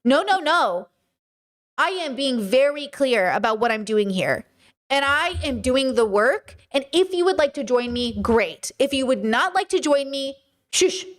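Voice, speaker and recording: A livestream host with a high, ringing voice delivers a fiery monologue, hammering each point home with blunt profanity. The tone is lecturing and insistent, and the host breaks off now and then to answer viewers in the chat. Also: big pitch swings, a little slow, fairly bright tone. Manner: reads and answers chat comments.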